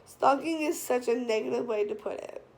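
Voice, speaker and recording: A woman's voice: on the high side, normal speed, darkish tone, close to an everyday voice. A woman voicing a playful, sarcastic young male angel who teases and overacts. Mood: mock hurt. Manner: sarcastic, dramatic, teasing.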